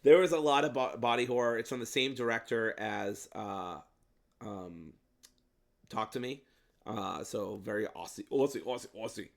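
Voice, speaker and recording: A man's voice: medium pitch, measured pace, gravelly. A man co-hosting a casual movie review chat, rambling with lots of ums and some playful swearing. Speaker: podcast co-host.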